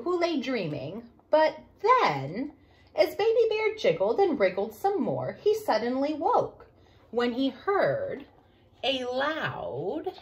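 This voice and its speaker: A woman, a children's librarian, reading a picture book aloud for story time in an expressive way. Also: high-pitched, dull audio. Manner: expressive, slow, sing-song reading.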